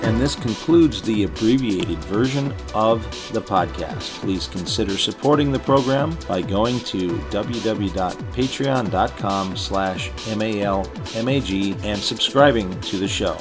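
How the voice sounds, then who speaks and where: Low-voiced male host reading an outro over music. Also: a little slow, few pauses. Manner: upbeat promotional read. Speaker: podcast host. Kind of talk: scripted outro announcements.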